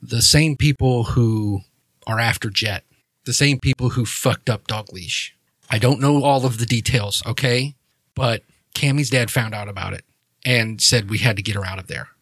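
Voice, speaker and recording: A man plays a guarded woman keeping secrets in a tabletop game, defensive and evasive, swearing when cornered. Her delivery sits at a middling pitch in a dry, close setting with no room around it. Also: moderate pace, a bit bright, slightly rough, no room sound. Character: guarded secretive woman, older-sister figure.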